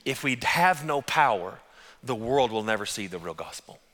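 A man preaching a sermon as pastor, telling stories in an animated, conversational way. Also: mid-range voice, moderate pace, long reverb tail.

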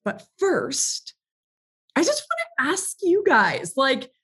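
A woman's voice: high-pitched, huge pitch swings, slow, a bit bright. A woman hosting her podcast, talking in a bubbly, emphatic way and cursing casually. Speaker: podcast host. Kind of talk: enthusiastic podcast intro.

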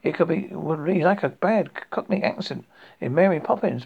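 A gravelly, husky man in his late fifties reads his own horror story aloud. He rambles and breaks off into jokey asides. The recording is dull and lo-fi. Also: fairly high pitch, animated, moderate pace. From United Kingdom. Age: 50s. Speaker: horror podcast host.

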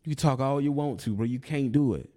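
A man's voice: mid-range voice, quick pace, mellow. A man, delivering a confrontational, preachy monologue aimed at a rival, taunting and repeating his points. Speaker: online commentator.

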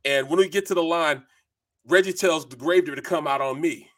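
A former lineman in middle age, co-hosting a sports talk show, tells energetic, wandering stories thick with fillers. His voice runs on the high side, at a fairly quick pace.

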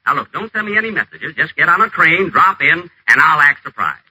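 A man's voice: on the high side, big pitch swings, a little fast, a little hiss or hum, exaggerated voice, low-quality recording. An actor playing a pompous, acid-tongued man who schemes from a wheelchair, in theatrical 1940s radio acting. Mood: honeyed. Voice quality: sharp, theatrical, imperious delivery. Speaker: acerbic radio celebrity stuck in a wheelchair.

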